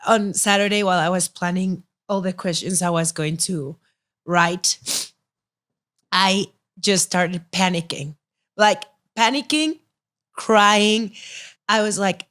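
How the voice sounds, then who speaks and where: A woman's voice: mid-range voice, takes it slowly, long pauses, a bit bright. A woman podcast host whose first language is Spanish, speaking in an earnest, heartfelt, openly emotional way. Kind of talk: podcast interview conversation.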